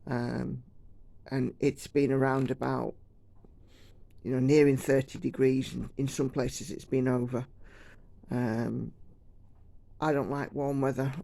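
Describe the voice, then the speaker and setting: A woman's voice: extremely low pitch, flat delivery, slow pace, vocal fry, warm tone, no room sound. A woman from the United Kingdom chatting casually and rambling while she stitches at home. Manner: chatty, rambling, self-deprecating. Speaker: cross-stitch vlogger.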